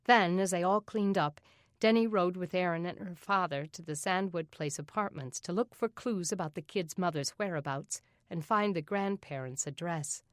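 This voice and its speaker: A woman narrating an audiobook in an even, steady reading voice. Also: fairly low pitch, moderate pace, dry recording, studio quality. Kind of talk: scripted narration.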